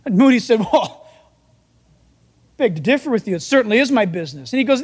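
A male pastor preaching with a strikingly high voice. He is animated and lively, slipping into the voices of the people in his stories as he teaches. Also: fast talker, pauses often, breathy edge. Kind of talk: sermon.

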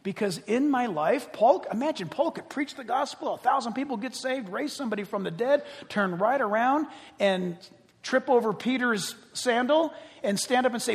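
A man preaching a sermon in an animated, joking style, full of rhetorical questions to the congregation. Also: sits high, normal speed, in a large hall.

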